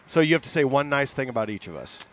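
A man's voice: medium pitch, sing-song, fast. A man hosting a casual band podcast, telling stories and laughing often. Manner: storytelling with laughs. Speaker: podcast host. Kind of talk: casual chat.

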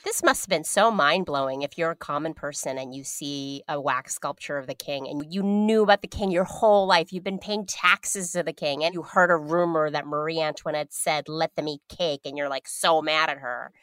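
A woman co-hosting a podcast in loose, casual chat. Her voice sits a bit low and sounds close and dry. She talks in an animated, jokey way. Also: moderate pace, hardly any pauses, no room sound. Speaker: podcast co-host.

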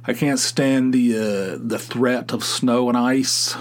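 A middle-aged man from Pennsylvania talks alone into his podcast mic, his voice sitting at an ordinary middle pitch. He rambles and complains in loose casual chat, often restarting his sentences and tossing in "you know.". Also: fairly even intonation, slow pace. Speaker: podcast host. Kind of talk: casual solo podcast monologue.

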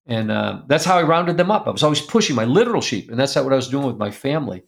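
Earnest male guest storyteller, gravelly edge, animated and heartfelt. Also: medium pitch, quick pace. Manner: animated, acts out quoted voices; earnest, drops to a soft hush at tender moments. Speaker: guest speaker, publisher founder. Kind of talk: emotional storytelling in an interview.

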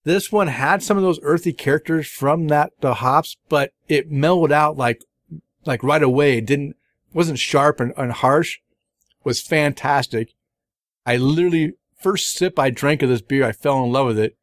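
A man's voice: fairly high pitch, moderate pace, no room sound, clean studio sound. A middle-aged man hosting a podcast, chatting casually and enthusiastically about beers he has tried, rambling with fillers and restarts. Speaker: beer podcast host. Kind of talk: casual beer review chat.

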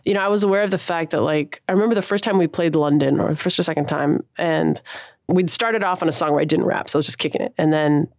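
A woman's voice: deep voice, fast, no room sound, clean studio sound. A woman musician in her thirties, talking casually and thoughtfully in an interview, using slang and laughing often. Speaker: musician guest.

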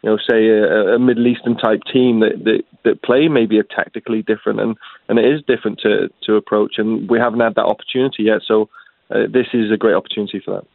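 A man phoning in to a sports radio show, rattling along fast with constant restarts. He comes through a tinny phone line that sounds dry. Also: lowish voice, steady tone, vocal fry, no room sound. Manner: rapid, halting, many restarts. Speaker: soccer player calling in.

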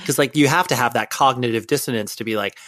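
A man hosting a casual conversation, agreeing and musing in a relaxed, halting way. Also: medium pitch, no echo, clean studio sound. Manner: agreeable, short backchannels.

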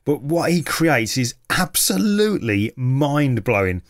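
A man's voice: mid-range voice, very animated, unhurried, no echo, clean studio sound. A man hosting a podcast on his own, introducing the episode in an enthusiastic, chatty way. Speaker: podcast host.

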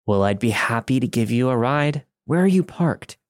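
A man voicing a clean-cut stranger who sounds smooth and eerily insistent, with a dry, close sound. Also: mid-range voice, animated, normal speed, dry recording, close to an everyday voice. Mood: creepily friendly. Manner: smooth, then demanding and forceful.

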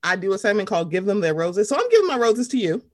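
A woman's voice: medium pitch, very animated, fast talker, a crowd in the background. A young woman hosting a casual chat show, talking animatedly and acting out quotes in different voices. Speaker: podcast host.

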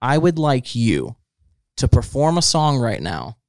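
A man's voice: mid-range voice, sing-song, unhurried, no room sound, clean studio sound. Laid-back man hosting a podcast. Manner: laid-back, filler-heavy with "like" and "bro". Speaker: podcast host. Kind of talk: casual podcast chat.

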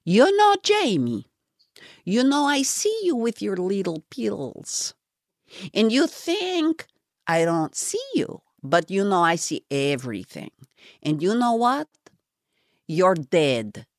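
A woman putting on a stern older female mentor with a deliberately bad foreign accent, speaking in an intense, accusing way. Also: fairly low pitch, huge pitch swings, dry recording, studio quality, pitched above the performer's own voice, heavily acted. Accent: foreign accent, put on badly.

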